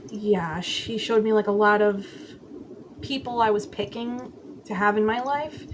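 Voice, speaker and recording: A woman's voice: medium pitch, a little hiss or hum, rough recording. A woman guest in a casual interview, candidly telling a personal story and acting out her own inner voices, with many "like" fillers. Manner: frequent "like" fillers.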